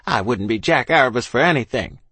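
A man voicing a frightened countrywoman who speaks in rough country dialect. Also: medium pitch, expressive, fairly quick, pushed and bright, no echo. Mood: alarmed. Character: agitated woman neighbor, fearful.

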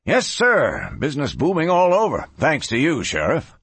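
A man puts on a talkative saloon-keeper from an old western storybook, his voice pitched up high and lively, eager and a little nervous. He jumps around in tone as he chatters, and the sound is husky and dry. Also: normal speed, dry recording, heavily acted. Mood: chatty.

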